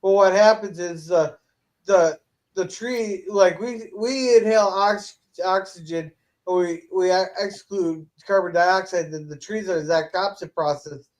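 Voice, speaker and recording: Man, livestream host, high voice, joking, halting delivery. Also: darkish tone. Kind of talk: casual chat.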